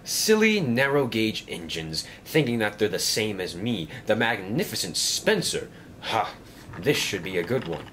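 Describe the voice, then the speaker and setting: Smug bragging engine, lofty and showy, a man putting him on, storybook voice, lively pitch. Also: a little slow, a little hiss or hum. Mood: boastful. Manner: pompous, smug. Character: boastful grand silver male engine.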